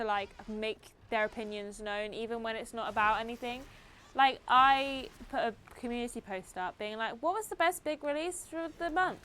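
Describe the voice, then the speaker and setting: A woman's voice: fairly high pitch, fairly bright tone, slight background noise. A young woman streaming a video game and chatting casually, opinionated and rambling with frequent asides. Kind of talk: casual live-stream chat while gaming.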